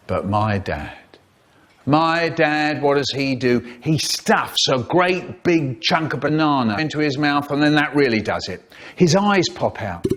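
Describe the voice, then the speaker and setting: A man telling comic stories in an animated way, acting out voices and sound effects. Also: on the high side. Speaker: storyteller. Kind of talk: comic storytelling, spliced remix.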